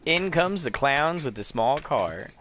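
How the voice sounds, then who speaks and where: A man's voice: on the high side, fairly bright tone, a little hiss or hum. A middle-aged man chatting casually on a game stream, rambling through stories, swearing often and acting out the voices of the people in them. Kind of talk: casual chat on a live stream.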